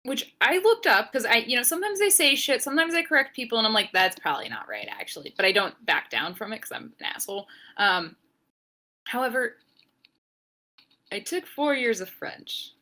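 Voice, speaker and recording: A young woman co-hosting a wrestling podcast, chatting casually in an animated, sarcastic way with plenty of swearing. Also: a little high. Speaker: podcast co-host. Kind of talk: casual wrestling recap chat.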